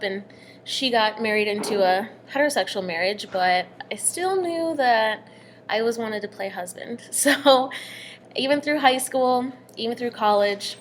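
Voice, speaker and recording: An earnest young woman recounts her own story in a relaxed, conversational way. Her voice sits at a middle pitch and now and then sinks into a hushed aside. A faint hum runs behind her. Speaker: storyteller sharing a personal story. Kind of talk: casual personal storytelling.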